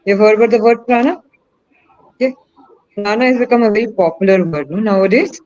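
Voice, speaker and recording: Woman, webinar presenter, coaxing Q&A delivery, muffled call audio, mid pitch. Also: moderate pace, pauses often, darkish tone. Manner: asks the audience questions, coaxing and encouraging. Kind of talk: interactive online teaching talk.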